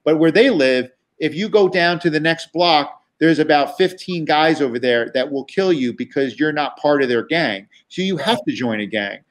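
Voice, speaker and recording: A man tells road stories as a guest, casual and profane. His voice sits a bit high for a man. He restarts sentences often and piles on fillers as he goes. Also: expressive, moderate pace, hardly any pauses. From New York. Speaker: guest comedian. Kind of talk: casual storytelling.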